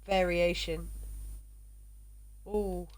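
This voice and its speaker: A woman streaming a video game, chatting casually with viewers in a halting way, tripping over words. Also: lowish voice, level tone.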